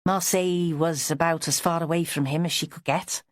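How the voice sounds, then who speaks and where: A woman reading an audiobook in measured, expressive scripted narration. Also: low voice, dry recording, studio quality.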